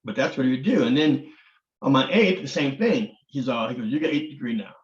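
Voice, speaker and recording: A man's voice: mid-range voice, expressive, fairly quick. Blunt older man telling stories, roomy sound. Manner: blunt, swears casually, acts out quoted dialogue. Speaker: martial arts grandmaster. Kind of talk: candid storytelling interview. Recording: roomy, dull lo-fi audio.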